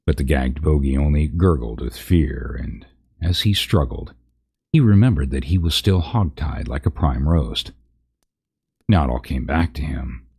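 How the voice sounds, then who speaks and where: A man's voice: very deep voice, a little mellow, husky. A man reading a parody fantasy story aloud on a live stream, chatting with viewers and laughing at his own slips.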